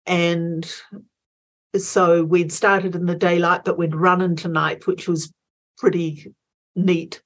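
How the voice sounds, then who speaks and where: Slow, hesitant middle-aged woman. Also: lowish voice, little pitch movement. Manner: hesitant, many fillers and restarts, acts out inner dialogue. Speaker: guest, former Olympic marathon runner. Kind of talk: interview storytelling.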